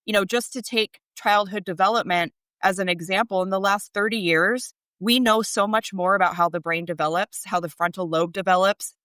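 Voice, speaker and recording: A woman's voice: medium pitch, fairly even intonation, normal speed, few pauses, fairly bright tone, clean tone, no echo. A woman in her thirties, a parenting coach, explaining earnestly in a conversational podcast interview, rising animatedly on key points.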